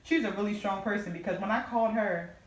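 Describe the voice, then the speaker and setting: A woman's voice: medium pitch, quick pace. A woman in casual conversation telling an emotional personal story of loss. She reenacts her own pleading and the words of the people around her. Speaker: sister sharing a story. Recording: echoey room, mic at a distance.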